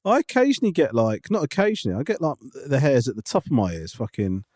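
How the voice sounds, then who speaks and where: A man's voice: mid-range voice, wildly swooping pitch, quick pace, darkish tone, dry recording, clean studio sound. A man in casual podcast banter, sweary and teasing, telling stories with animation.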